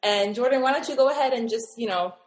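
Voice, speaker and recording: A woman's voice: a little high, quick pace. Young woman hosting in an echoey room. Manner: upbeat, encouraging. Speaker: host, moderator. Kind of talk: casual panel chat.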